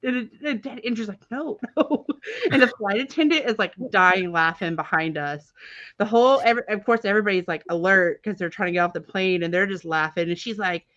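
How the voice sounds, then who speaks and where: A woman telling stories as a live-stream host, animated and full of filler words, laughing often. Her voice is mid-pitched and sounds dull and dry, like lo-fi stream audio. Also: fast talker, no echo. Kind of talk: casual storytelling on a live stream.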